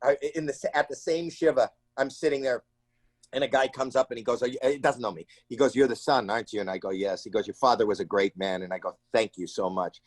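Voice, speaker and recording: A man telling a story on an interview show in an animated, theatrical way, acting out each person with sudden high cries. His voice sits in a mid range and is recorded close and dry, with no room around it. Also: quick pace, no echo. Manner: animated, acts out the people in his stories with sudden shrill cries. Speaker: comedian guest. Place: home.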